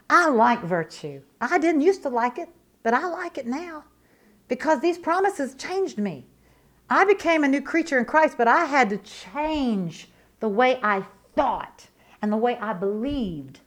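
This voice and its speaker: High-voiced fervent woman preacher. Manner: fervent, repetitive, rhetorical questions; emphatic and testifying. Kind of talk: sermon.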